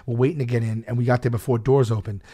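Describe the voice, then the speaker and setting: A man telling a story in a casual chat, stammering and loudly acting out the people in it. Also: medium pitch, racing. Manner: animated, acts out a shouting wrestler and his own stammering. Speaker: storyteller guest.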